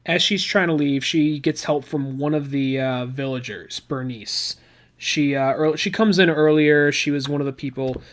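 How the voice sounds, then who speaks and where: A man's voice: on the high side, steady tone, moderate pace. A man hosting a podcast, recapping a comic book in a rambling, chatty way with asides. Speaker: podcast host.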